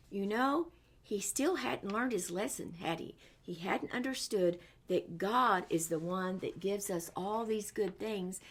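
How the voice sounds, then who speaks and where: A woman reading a picture book aloud to children in an animated way, exclaiming and asking them questions. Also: medium pitch. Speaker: storyteller.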